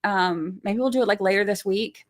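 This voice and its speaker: A woman's voice: mid-range voice, moderate pace. A woman hosting a casual livestream, chatting with her viewers, laughing often and drawing out her interjections. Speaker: livestream host.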